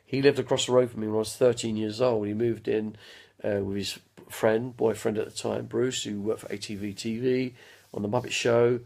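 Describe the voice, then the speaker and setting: A man's voice: fairly low pitch, level tone, normal speed, vocal fry, darkish tone. A man in his fifties chatting casually on a live stream from home, rambling through anecdotes and trailing off to recall names. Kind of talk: casual chat.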